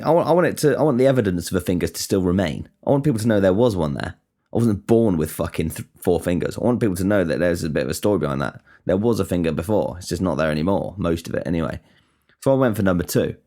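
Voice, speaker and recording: A man's voice: low-pitched, lively intonation, fast, warm tone. A man hosting a casual solo podcast, rambling and swearing with many restarts. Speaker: podcast host.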